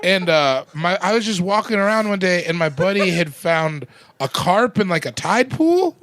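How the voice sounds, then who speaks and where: Lively high-voiced man telling stories. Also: moderate pace. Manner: animated storyteller, laughs often, swears freely. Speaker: guest comedian. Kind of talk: casual podcast chat.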